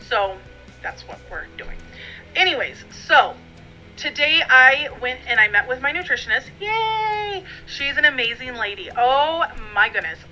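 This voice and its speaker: A woman records a casual vlog from her dining room, her voice very bright and sitting a little high. She rambles in a friendly way and fills her sentences with ums and likes. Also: lively intonation, moderate pace, highs cut off, soft background music. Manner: rambling and friendly, many fillers. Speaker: vlogger.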